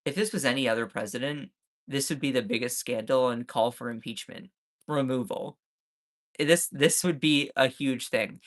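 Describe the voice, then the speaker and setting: A sarcastic, mocking man rants through live-stream commentary. His voice is bright and sharp, and his pitch sits in a middle range. He talks to his chat in a loose, conversational way. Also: moderate pace. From Southern United States.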